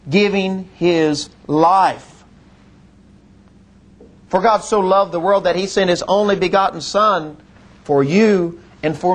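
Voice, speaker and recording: Solemn lines come slower and deeper as a middle-aged pastor delivers a sermon, earnestly recounting a personal story.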